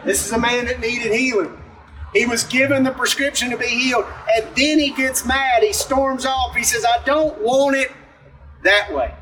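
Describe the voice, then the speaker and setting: A man with a strikingly high voice delivers a casual, animated sermon, acting out the story's characters as he goes. He sounds set back from the microphone, with a faint hum of room ambience behind him. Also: moderate pace, distant mic, rough recording. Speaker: pastor.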